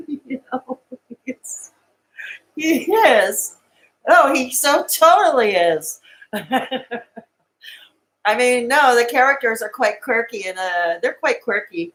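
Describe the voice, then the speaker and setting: A woman's voice: fairly high pitch, lively intonation, takes it slowly, a bit bright, poor audio. A woman hosting a live stream, chatting casually and giggling as she rambles and answers comments.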